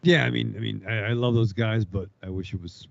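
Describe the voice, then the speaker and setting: A man's voice: on the low side, fairly even intonation, brisk, gravelly. Teasing male co-host, muffled lo-fi sound. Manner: teasing, joking banter. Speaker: podcast co-host. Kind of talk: casual podcast chat.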